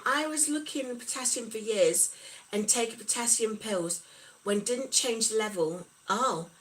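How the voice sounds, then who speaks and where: The clip features a middle-aged woman from the UK running a livestream, where she chats casually, reads out what viewers comment, and responds warmly. Her voice is on the high side, and the low-quality recording carries slight background noise.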